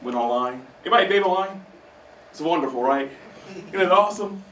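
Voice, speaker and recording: A man tells stand-up stories to a small club crowd, bright and high with a lively, swooping delivery, breaking into laughs at his own jokes. The sound comes from a distance, with the echo of a roomy little theater and faint hiss. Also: a little fast. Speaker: stand-up comedian. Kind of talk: stand-up comedy set.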